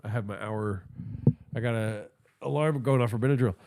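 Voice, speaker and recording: A man telling stories on a phone livestream, rambling and excitable, with a swear in nearly every other sentence. His voice sits at an ordinary middle pitch, and his stuffy nose thickens the sound a little. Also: moderate pace. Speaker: podcast host. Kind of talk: casual livestream storytelling. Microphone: phone held in hand.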